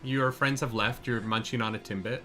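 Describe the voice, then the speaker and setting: A man narrating as game master in a live tabletop charity game, excitable and swearing freely. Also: mid-range voice, moderate pace, soft background music.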